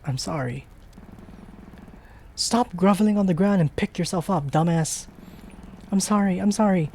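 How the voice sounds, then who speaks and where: A streamer acting out a frantic young woman caught in a blaze, stammering through the game's text and leaping from strained shouts to breathy whispers. The pitch stays mid-range at rest, and a soft hiss of faint noise runs underneath. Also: unhurried. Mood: terrified. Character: panicked young woman trapped in a burning building. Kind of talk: dramatic reading of game text.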